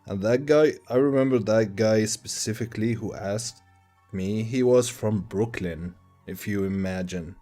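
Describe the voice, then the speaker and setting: A man's voice: lowish voice, measured pace, mellow, faint music behind. Profane man streaming. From Tunisia. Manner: loose, profane, rambling storytelling. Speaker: game streamer. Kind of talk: casual livestream chat.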